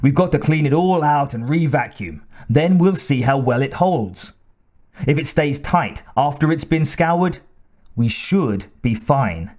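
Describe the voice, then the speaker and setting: A man's voice: on the high side, animated, unhurried, a little mellow. A man voicing a weary, blunt male ship engineer who reports damage in a tired, matter-of-fact way.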